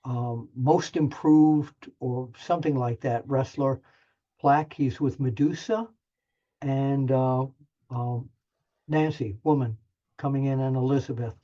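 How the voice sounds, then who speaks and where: Older male storyteller, chatty and wry, mid-pitched, muffled lo-fi sound. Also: steady tone, takes it slowly, dark tone. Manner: chatty, self-deprecating, lots of restarts. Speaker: wrestling journalist, guest. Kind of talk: animated storytelling anecdote. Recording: muffled lo-fi audio.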